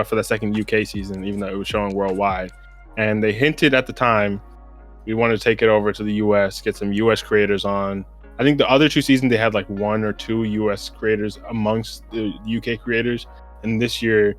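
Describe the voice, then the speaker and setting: A man with an American accent co-hosting a casual sports podcast. He rambles in a laid-back way and keeps saying "bro.". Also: lowish voice. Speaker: podcast co-host.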